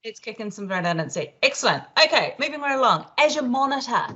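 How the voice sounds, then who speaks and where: A woman's voice: on the high side, very animated, quick pace, bright, forceful tone, breathy edge. A woman presenting tech updates in a casual webinar, enthusiastic and chatty with frequent fillers, speaking through a headset on a video call. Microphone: headset, later computer microphone. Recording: dull, lo-fi video-call audio.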